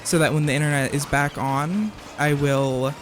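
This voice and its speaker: A man's voice: on the high side, steady tone, moderate pace, soft background music. A man live-streaming a game in casual chat, reading viewers' messages aloud and arguing back with plenty of swearing and rambling restarts.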